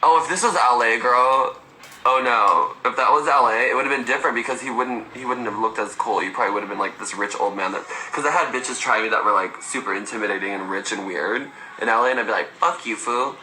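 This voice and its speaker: Sassy, very bright-voiced young man. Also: medium pitch, fast, a little hiss or hum. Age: 20s. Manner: sassy, campy storytelling, swears freely, laughs often. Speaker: livestream host. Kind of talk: casual livestream chat. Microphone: phone. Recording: echoey room, faint music behind.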